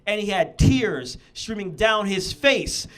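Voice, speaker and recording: Animated young male stand-up comic. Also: high-pitched, takes it slowly. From US Midwest. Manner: animated storytelling with exaggerated quoted voices. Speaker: stand-up comedian. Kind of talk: stand-up comedy set. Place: comedy theatre stage before a live audience.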